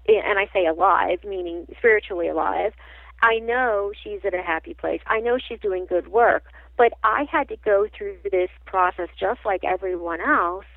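A woman guest who works as a psychic medium tells a personal story in an animated, halting way, often restarting her sentences. She speaks at a mid pitch for a woman. Her voice comes through a thin, tinny phone line with a dry sound. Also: dry recording.

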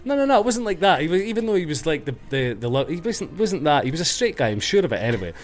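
A man's voice: a little high, very animated, fast talker. A middle-aged man from Scotland with a Scottish accent, chatting as a guest and telling rambling stories that he corrects as he goes. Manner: rambling storyteller, self-correcting. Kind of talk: casual interview chat.

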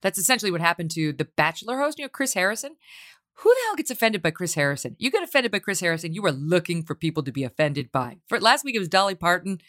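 Low-voiced sardonic woman podcast host. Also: big pitch swings, a bit bright, dry recording, studio quality. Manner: brisk, sardonic, punchy asides. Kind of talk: opinionated commentary.

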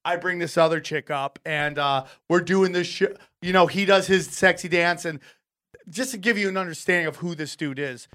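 A male comedian telling a long story in casual chat, animated and profane, acting out voices of the people in it. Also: sits high, moderate pace. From California. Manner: animated, profane, acts out voices in his stories. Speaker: comedian guest.

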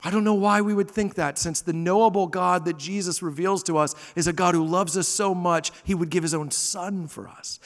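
A man in his thirties preaches from the front of a large church, his voice pitched high. He swings from loud, stressed points to soft, hushed asides, and a long reverb follows his words around the hall. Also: fairly even intonation, moderate pace, hardly any pauses. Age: 30s. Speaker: pastor. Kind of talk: sermon.

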